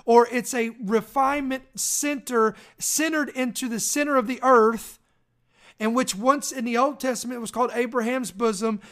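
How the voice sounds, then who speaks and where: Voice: medium pitch, fairly even intonation, moderate pace, a bit bright. A preacher reading out a news story and then teaching on it, in an emphatic style that calls out to listeners.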